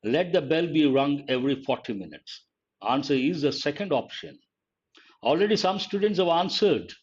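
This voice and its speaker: A man teaching English grammar in a live online lesson, speaking slowly, repeating key phrases and quizzing his viewers. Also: a little high, animated, highs cut off.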